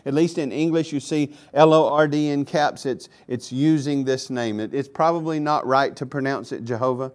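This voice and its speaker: Man preaching an emphatic sermon. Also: mid-range voice. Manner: emphatic, repeats phrases for emphasis, swings loud and soft. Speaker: pastor. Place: church.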